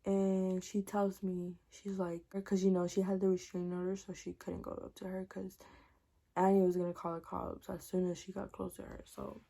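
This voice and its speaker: A young woman recounts a personal story to her viewers in a casual vlog. Her voice is warm and mellow, and she swears freely while acting out what each person said. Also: medium pitch, normal speed, vocal fry. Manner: animated, profane, acts out dialogue.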